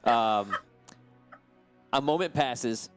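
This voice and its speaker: A man running a tabletop game, narrating the battle in a loose, casual way full of "uh" and "like" as he sets each scene. His voice sits in the middle range for a man, and soft music plays faintly in the background. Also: mid-range voice, very slow. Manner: casual, descriptive, with frequent fillers. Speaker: game master.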